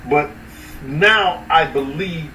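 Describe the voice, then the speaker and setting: A man hosting a casual livestream, talking loosely and profanely to his chat, with sudden high-pitched outbursts. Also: takes it slowly, bright, forceful tone, recorded from a distance. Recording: roomy echo, off-mic, faint ambient noise.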